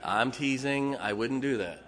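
Middle-aged guy preaching a sermon, folksy storyteller, avg pitch, big echoey church hall. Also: measured pace. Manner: folksy, animated storytelling with asides. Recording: long hall reverb.

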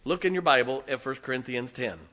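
A middle-aged man preaching a sermon, telling folksy stories and swinging from hushed asides to loud, emphatic lines. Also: medium pitch, brisk. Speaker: pastor.

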